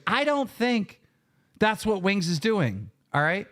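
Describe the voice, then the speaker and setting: Give me a furious, profane male stream host with a lively, high-pitched voice. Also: unhurried. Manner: angry, profane, repeats himself. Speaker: stream host reacting to clips. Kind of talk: heated live-stream commentary.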